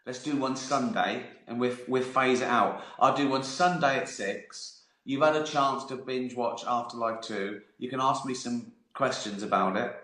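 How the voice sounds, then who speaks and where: A man's voice: mid-range voice, moderate pace, few pauses, a bit bright. Rambling man telling stories. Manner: rambling, laughing, swears freely. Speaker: host of his own live stream. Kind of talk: casual storytelling chat. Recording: roomy echo.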